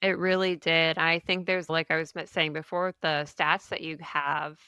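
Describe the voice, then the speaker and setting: A woman with a low voice that still sounds bright and forceful, speaking as a podcast guest. She is earnest and reflective, letting her thoughts unfold in long sentences. The sound is clean and smooth, dry and close. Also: level tone, normal speed, no echo. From Ohio, US. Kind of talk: candid personal interview.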